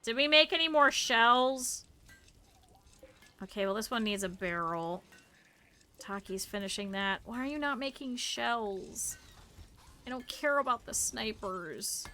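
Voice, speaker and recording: A woman's voice: a little high, expressive, unhurried, pauses often, sharp tone, slight background noise. A woman streamer commenting on her gameplay live, chatting with her viewers, scolding her characters and swearing freely.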